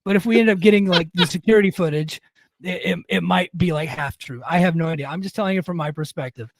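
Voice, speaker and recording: Middle-aged podcast host, slightly higher voice, dry close mic, rambling profane storyteller. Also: male voice, quick pace, no echo. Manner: profane, rambling anecdote with many restarts. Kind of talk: casual storytelling.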